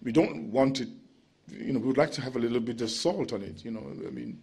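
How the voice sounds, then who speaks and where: A man preaching an expository sermon, measured and emphatic, slowing on key words and dropping into relaxed asides. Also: mid-range voice, creaky, breathy edge.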